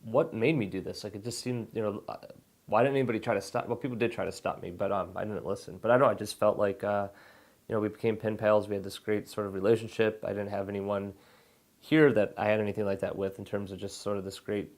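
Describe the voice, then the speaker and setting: A man's voice: on the low side, flat delivery, quick pace. A male author answering interview questions in a loose, rambling way, full of restarts and fillers.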